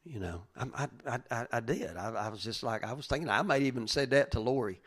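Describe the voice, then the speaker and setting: An older man, preaching in a conversational style, calling listeners by name and moving between loud rises and quiet asides. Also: medium pitch, a little fast, husky. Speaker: pastor. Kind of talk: conversational sermon.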